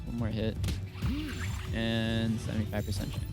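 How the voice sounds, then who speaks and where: A man's voice: fairly low pitch, completely flat delivery, moderate pace, over loud music. Frustrated swearing gamer man. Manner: frustrated, swears often, talks to himself while playing. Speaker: gaming YouTuber. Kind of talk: casual let's-play commentary.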